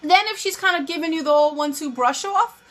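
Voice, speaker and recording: A woman's voice: sits high, a little fast, a bit bright, faint music behind. A young woman vlogging casual dating advice, chatty and acting out both sides of the conversations she describes. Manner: chatty, acts out both sides of pickup lines.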